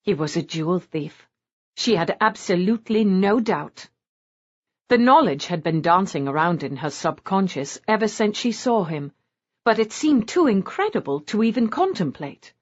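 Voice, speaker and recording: A woman narrating a romance audiobook in a scripted style, with a lively, varied delivery. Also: medium pitch, moderate pace. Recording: dull lo-fi audio.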